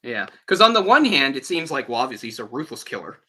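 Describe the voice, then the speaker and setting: A man's voice: mid-range voice, fast talker, slightly rough. A man hosting a podcast, talking casually and animatedly about a film and acting out lines from it. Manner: animated, acts out quoted lines. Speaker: podcast host.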